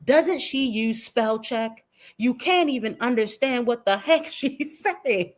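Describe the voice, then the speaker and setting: A woman's voice: a little high, animated. A woman streamer reacting to posts in a brash, profane, mocking way. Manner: slow-paced, drawn-out. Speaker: commentary streamer. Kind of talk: reaction commentary.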